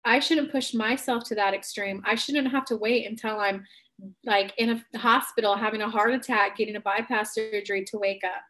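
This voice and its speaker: Woman, life coach, live-streamed coaching, fairly high voice, blunt, earnest, swears casually. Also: steady tone, moderate pace, fairly bright tone. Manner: addresses viewers by name, earnest. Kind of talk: live-streamed coaching, answering viewer comments.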